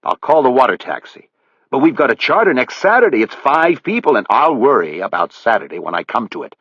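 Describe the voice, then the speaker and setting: A man's voice: medium pitch, sing-song, fairly quick, fairly bright tone, breathy edge, no room sound, lo-fi sound, voice pushed up, heavily acted. A male narrator playing a retired investigator who speaks bluntly and angrily to a partner who betrayed him. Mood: curt. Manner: blunt, cold, angry.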